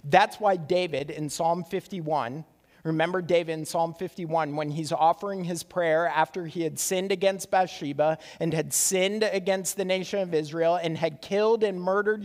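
In a church sanctuary, a high-voiced pastor preaches a sermon earnestly and emphatically, repeating phrases. The hall's long reverb echoes around him.

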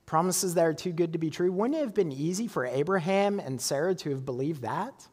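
A man's voice: on the high side, brisk, darkish tone, husky, in a large hall. A male pastor preaching a sermon in a conversational way, often checking in with his listeners. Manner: conversational, asks listeners for agreement.

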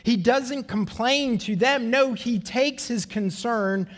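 High-voiced man preaching in a reverberant hall. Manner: earnest, rhetorical questions, slows for emphasis. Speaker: pastor. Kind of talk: sermon.

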